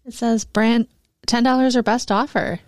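A woman's voice: fairly high pitch, fairly even intonation, moderate pace, darkish tone, no echo. A woman in a casual podcast chat, telling travel stories hesitantly with many fillers. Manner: hesitant, filler-heavy storytelling.

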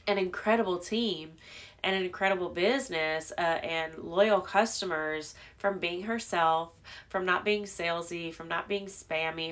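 A young adult woman hosts a casual solo podcast, her mid-range voice carrying a fairly bright tone. She talks candidly and reflects on herself in a loose, conversational style full of fillers.

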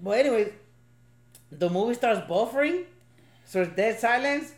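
A man's voice: very high-pitched, moderate pace, echoey room. A father in casual podcast chat, telling stories with lots of swearing and acting out what others said. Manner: animated storyteller, profane, acts out quotes.

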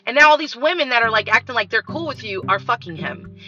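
A woman hosts a podcast in a blunt, profane monologue full of animated storytelling. Her voice is sharp and very bright. The recording is dull and lo-fi, with faint music underneath. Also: on the high side, fast. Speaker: podcast host.

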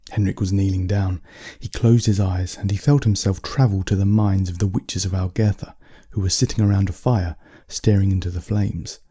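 A man reading a bedtime story aloud in a calm, measured, soft-spoken way. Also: low voice, slightly rough.

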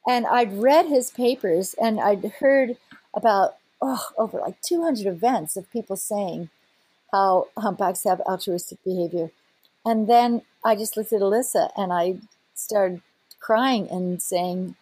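Husky older woman telling a story. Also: mid-range voice, measured pace, no room sound. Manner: animated, breaks into laughter and restarts. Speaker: scientist guest. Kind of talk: recounting a personal story in an interview.

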